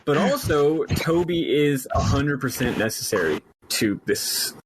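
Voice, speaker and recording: A man's voice: medium pitch, expressive, a little slow, background noise. A man hosting a casual podcast who recaps a game in a loose, rambling way with lots of fillers. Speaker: podcast host.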